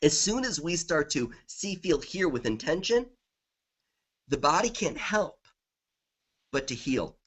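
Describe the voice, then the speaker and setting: A man's voice: on the high side, sing-song, measured pace, pauses often, a bit bright, breathy edge. Enthusiastic middle-aged man explaining. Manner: enthusiastic, repetitive affirmations. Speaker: guest author. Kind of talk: conversational interview.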